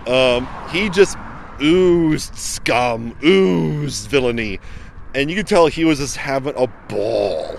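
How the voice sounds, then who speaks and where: A man chats his way through an unscripted review outdoors, circling back and restarting his sentences often. His voice sits at an ordinary middle pitch, and a faint hum of passing traffic runs behind him. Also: lively intonation, slow, creaky. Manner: rambling, many fillers and restarts. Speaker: film reviewer. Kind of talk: casual vlog review. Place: outdoors by a road. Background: passing vehicles.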